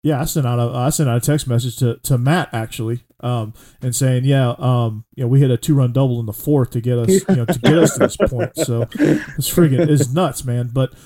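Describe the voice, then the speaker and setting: A man from Georgia hosting a casual sports talk show, relaxed as he leads the discussion. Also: medium pitch, a little fast, hardly any pauses. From Atlanta area, Georgia.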